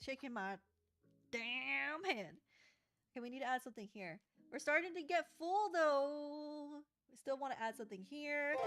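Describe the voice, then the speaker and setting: A young adult woman livestreaming as she crafts, telling a story in a rambling, animated way with laughs. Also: sits high, moderate pace, faint music behind. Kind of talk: casual live-stream chat while crafting.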